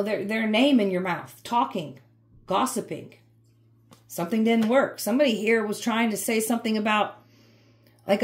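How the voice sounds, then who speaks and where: A woman's voice: on the high side, a little mellow. Fired-up woman giving a tarot reading. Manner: emphatic, repetitive, fired-up. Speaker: tarot reader.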